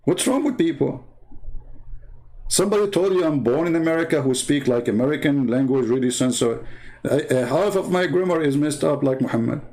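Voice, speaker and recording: Gravelly man with an Arabic accent. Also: fairly high pitch, fairly quick, darkish tone. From Middle East. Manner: mocking, sarcastic ranting. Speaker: live stream host. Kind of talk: casual livestream monologue.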